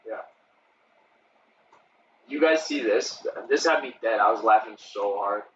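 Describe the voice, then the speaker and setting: A man's voice: fairly low pitch, unhurried. A man ranting profanely and animatedly as a streamer reacting to news. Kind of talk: casual live-stream commentary. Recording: distant, dull lo-fi sound with faint hiss.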